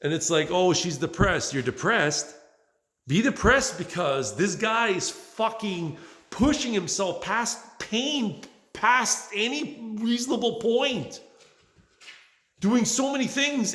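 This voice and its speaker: A middle-aged man with a fairly high voice rants in exasperation, swearing freely and tagging sentences with "man". He sounds like he is in a big bare workspace, with his voice ringing off the walls and trailing into a long reverb. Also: a bit bright. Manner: exasperated, profane, keeps saying "man". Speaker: small business owner. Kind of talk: venting monologue vlog. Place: large bare workspace under renovation. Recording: echoey hall with long reverb.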